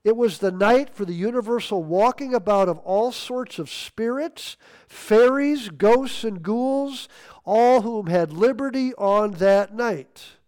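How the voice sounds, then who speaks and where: A man preaching a sermon, emphatic, swinging between loud stressed words and quiet asides. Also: high-pitched, slow pace, clear, resonant tone.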